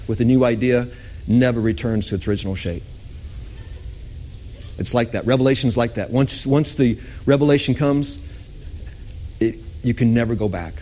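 A man preaching a sermon, animated, swinging between high excited exclamations and low hushed tones. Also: a little hiss or hum. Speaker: pastor.

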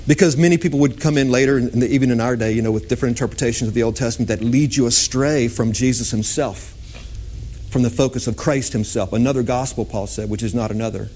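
A man preaching a sermon, animated, swinging between high excited exclamations and low hushed tones. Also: fast talker, a little hiss or hum. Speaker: pastor.

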